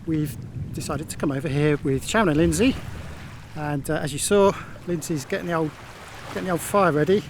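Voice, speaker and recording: A man's voice: a little high, fairly quick, slight background noise. A man hosting a sailing vlog, chatting cheerfully and rambling to camera outdoors. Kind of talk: casual vlog narration to camera. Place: outdoors at an anchorage.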